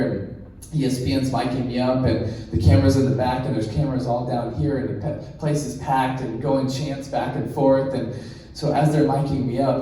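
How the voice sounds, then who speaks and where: A man in his thirties giving a motivational keynote speech, telling a story and acting out the dialogue in an animated way. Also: mid-range voice, slight background noise. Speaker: keynote speaker. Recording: echoey hall from far off.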